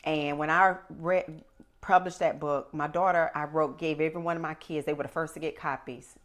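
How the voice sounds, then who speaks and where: Middle-aged woman host, low voice, emphatic and animated storytelling. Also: normal speed. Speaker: podcast host. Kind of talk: casual chat.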